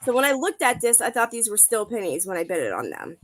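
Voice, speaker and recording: A woman hosting a live online auction, briskly announcing lots and bids. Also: mid-range voice, very animated, a little hiss or hum. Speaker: auction host.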